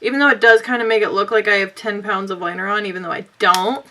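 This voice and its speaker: A woman's voice: mid-range voice, steady tone, fast talker, heavy background noise. A young woman chatting through a makeup tutorial, rambling and self-mocking as she talks to her viewers. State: sweaty and out of breath. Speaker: beauty vlogger.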